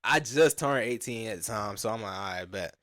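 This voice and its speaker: Fairly quick and lowish in voice, a young Atlanta storyteller vlogger delivers an animated, slangy tale packed with acted-out quotes. The recording is dry.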